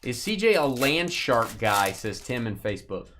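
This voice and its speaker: A joking man hosts a live card break and rattles off player names as he goes. His pitch swings widely, rising and dipping all the time. His talk stays loose and casual. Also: sing-song, moderate pace, a bit bright, a little hiss or hum. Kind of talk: casual live stream chat while opening card packs.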